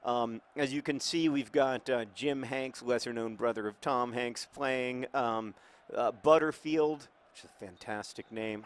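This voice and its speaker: A man's voice: medium pitch, measured pace, clean tone. A man hosting a football management game in casual, rambling, wry commentary, his mouth numb after oral surgery.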